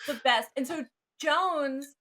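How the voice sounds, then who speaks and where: A woman co-hosting a podcast in casual chat, excitable and swearing often, laughing a lot. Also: high voice, takes it slowly, a little hiss or hum. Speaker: podcast co-host.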